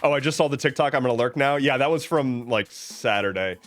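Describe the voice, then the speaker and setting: A man's voice: medium pitch, a little fast, soft background music. A man streaming live, reading out chat messages and answering in a rambling, joking way with many restarts. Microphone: webcam setup at home.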